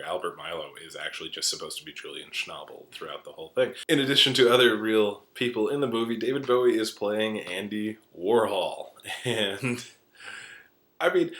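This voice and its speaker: Low-voiced, chatty male podcast host. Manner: chatty and animated, with bursts of laughter and many "uh"s. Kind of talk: casual film commentary.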